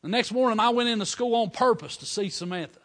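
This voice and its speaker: A middle-aged man, preaching a folksy storytelling sermon with fervent bursts of praise. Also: very high-pitched. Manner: fervent, building to loud praise shouts; folksy dialect, drawn-out emphasis.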